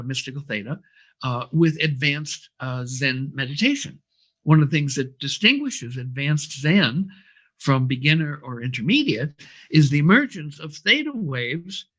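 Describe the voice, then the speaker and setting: Guy spinning a long story with lots of uhs and ums, voice a bit high, kinda dull lo-fi sound. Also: fairly bright tone. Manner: anecdotal, frequent fillers. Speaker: brainwave training instructor. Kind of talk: storytelling interview answer.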